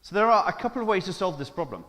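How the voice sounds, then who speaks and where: A man's voice: high voice, very animated, racing, sharp tone. A man from Jersey giving a conference keynote, playful and joking, putting questions to the audience. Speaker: keynote speaker. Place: large conference hall. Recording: hall reverb from stage mic.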